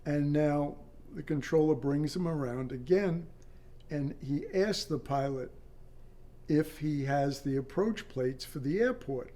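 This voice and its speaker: An older man with a slightly high but mellow voice tells a story from his years as an air traffic controller. He speaks in a halting, matter-of-fact way, restarting phrases as he goes. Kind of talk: recounting a personal story in an interview.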